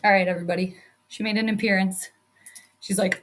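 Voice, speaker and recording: A woman's voice: medium pitch, fairly even intonation, brisk, a bit bright. A woman casually chatting at home on her live stream, laughing often and saying "like" a lot. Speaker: sports astrology streamer. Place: home workspace.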